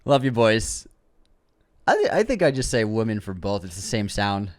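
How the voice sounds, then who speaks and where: A man's voice: fairly low pitch, very animated, normal speed. A man co-hosting a movie podcast, reading listener comments aloud in casual chat and laughing often. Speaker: podcast co-host.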